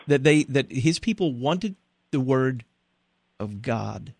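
A man telling a story in a relaxed conversational way, pausing with fillers, then asking a question. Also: medium pitch, creaky, dry recording.

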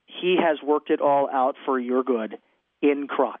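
A man's voice: a little high, measured pace, dry recording, narrow, tinny audio. A man who is a pastor, speaking earnestly on a radio talk show, repeating phrases for emphasis and restarting often.

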